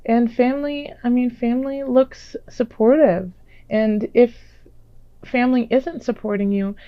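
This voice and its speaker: A woman with a slightly raspy, still-recovering voice gives a gentle tarot reading into her own mic. She reassures and ums her way along. The sound is dry and a little dull. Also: medium pitch, dry recording. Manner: gentle, reassuring, many fillers. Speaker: tarot reader. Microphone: own microphone.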